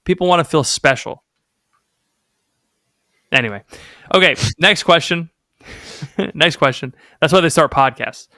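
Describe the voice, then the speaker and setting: A young man co-hosting a casual comedy podcast, joking and animated, laughing often. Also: fairly high pitch, measured pace, long pauses, no echo, studio quality. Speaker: podcast co-host.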